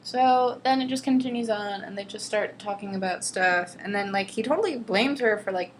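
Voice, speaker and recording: A woman's voice: medium pitch, normal speed. A young woman talks casually to her camera, openly mocking a book and sighing over its writing. She swings into exaggerated dramatic readings of the passages. A faint background hiss sits under her voice. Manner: exasperated, mocking, reads excerpts with exaggerated drama. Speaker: vlogger reading a novel aloud. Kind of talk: casual sarcastic book commentary.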